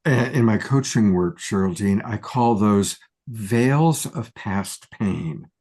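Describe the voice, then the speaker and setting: A man's voice: on the low side, lively intonation, slow, darkish tone. A man hosting a live talk show, talking casually with fillers and hesitations. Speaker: talk show host and coach.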